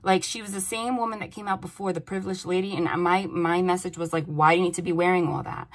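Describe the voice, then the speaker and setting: A woman giving a casual tarot reading to camera, animated and excitable, often exclaiming and repeating herself. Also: lowish voice, quick pace. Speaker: tarot reader.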